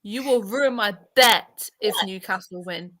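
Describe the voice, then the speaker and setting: A woman's voice: medium pitch, measured pace, bright, forceful tone. Chatty woman on a football stream, playful, casual. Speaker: stream panelist. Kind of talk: casual live-stream chat.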